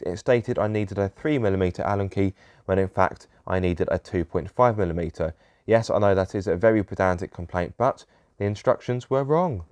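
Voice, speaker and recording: A man's voice: on the low side, darkish tone, no room sound, studio quality. A young man narrating his own car repair vlog, grumbling in a self-deprecating way about fiddly parts. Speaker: car vlogger. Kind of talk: casual DIY vlog narration.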